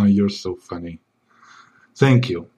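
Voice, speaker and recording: A man playing a smug secret agent in a comedy sketch, keeping a low, smooth, deadpan voice. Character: suave smug male secret agent parody.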